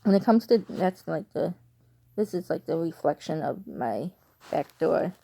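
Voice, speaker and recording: A woman's voice: low-pitched, lively intonation, unhurried, gravelly, warm tone, no room sound. A woman with a Chicago accent chatting casually to camera at home, rambling and correcting herself as she goes. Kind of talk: casual vlog chat.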